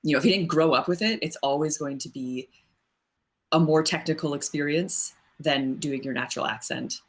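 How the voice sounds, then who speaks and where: A woman voice actor answering interview questions in a relaxed, thoughtful way, with many fillers and frequent laughs. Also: sits low, moderate pace. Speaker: voice actress guest. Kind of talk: casual interview chat.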